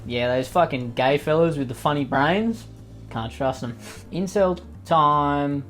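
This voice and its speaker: A man's voice: medium pitch, moderate pace, faint music behind. A man doing sarcastic, mocking comedy commentary, swearing freely as he reacts to posts. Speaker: commentary YouTuber.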